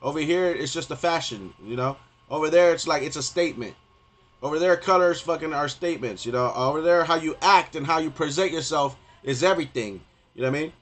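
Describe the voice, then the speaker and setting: A man with a somewhat raised voice talks off the cuff on a live stream. His rant is profane and rambling, and he keeps circling back to the same filler phrases. At times he gets loud and heated. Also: fairly high pitch, a little fast. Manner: profane, rambling, repeats "you know what I mean".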